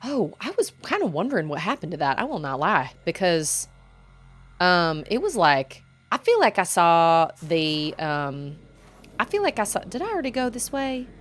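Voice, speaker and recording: A woman's voice: on the low side, big pitch swings, moderate pace. A woman streaming a video game, chatting casually with her chat and laughing often. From Texas. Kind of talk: casual chat while gaming.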